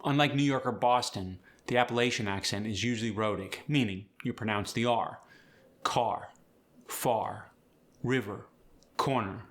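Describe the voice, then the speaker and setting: A man's voice: on the low side, brisk, few pauses, a bit bright. A man explaining and demonstrating accent features as a coach in a tutorial. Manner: clear, explanatory, demonstrates example words.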